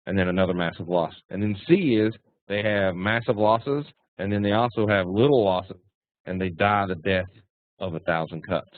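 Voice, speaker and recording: A man's voice: deep voice, normal speed, dry recording. A man teaching trading in a casual webinar, folksy and blunt with punchy phrasing. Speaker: trading instructor. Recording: tinny phone-like dry line.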